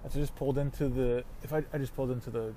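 A man's voice: medium pitch, steady tone, quick pace, crowd noise. A man ranting in a casual, profane, rambling way while driving in his car. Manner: heated, swearing, rambling. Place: inside a car.

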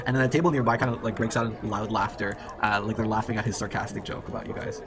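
A man narrating a tabletop role-playing game, talking fast with lots of fillers. His voice is fairly low, and crowd chatter can be heard behind him. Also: steady tone. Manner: quick narration with many fillers. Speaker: game master.

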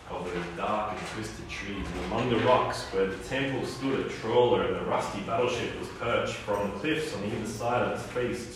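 A man reading a children's storybook aloud, expressive and lively with his delivery. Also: mid-range voice. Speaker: audiobook reader. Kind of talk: storybook narration. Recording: roomy echo, faint noise.

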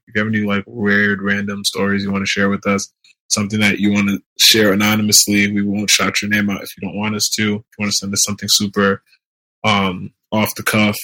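A man's voice: lowish voice, sharp tone, low-quality recording. A young man co-hosting a podcast, laid-back and teasing as he talks to listeners. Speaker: podcast co-host. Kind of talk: casual podcast talk.

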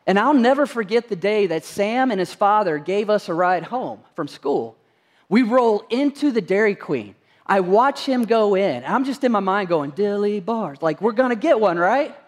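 A male pastor in his thirties preaching a sermon, animated and conversational, acting out quotes. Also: high-pitched.

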